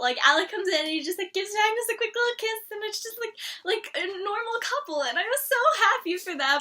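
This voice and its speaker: A young woman vlogger chatting casually about a TV episode, excitable and rambling, full of "like"s. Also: very high voice. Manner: gushing, excitable, rambling with many "like"s. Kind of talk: casual chat.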